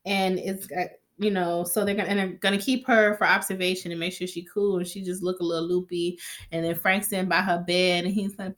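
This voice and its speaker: A woman in a casual vlog recap talks through a TV episode. Her voice sits at a middle pitch, and she is chatty and profane. She slips into the characters' lines as she goes. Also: a bit bright. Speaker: TV recap vlogger.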